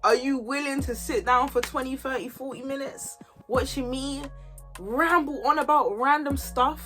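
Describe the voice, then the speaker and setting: Chatty woman in her twenties, fairly high voice, faint music under, animated storytime delivery. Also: normal speed. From Kent, England. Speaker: YouTuber. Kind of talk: storytime vlog chat.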